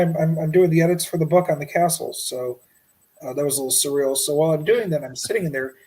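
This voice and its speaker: A middle-aged man telling a paranormal story as a podcast guest, lively and animated, acting out his own shouts. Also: on the high side, rough recording.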